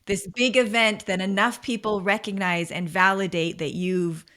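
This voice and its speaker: A woman's voice: medium pitch, fairly even intonation, normal speed, bright, forceful tone. A woman co-hosting a podcast, reflecting thoughtfully aloud and offering encouraging affirmations. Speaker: podcast co-host. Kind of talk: conversational interview.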